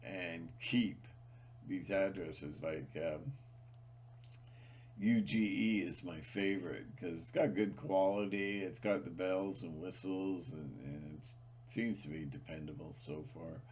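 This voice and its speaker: A man with a fairly low voice talks to his channel's viewers in a loose, rambling monologue. He leans hard on repeated words, trails off, and restarts his sentences often. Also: fairly even intonation, slow, darkish tone, slightly rough. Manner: emphatic, repetitive, many restarts and fillers. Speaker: channel host.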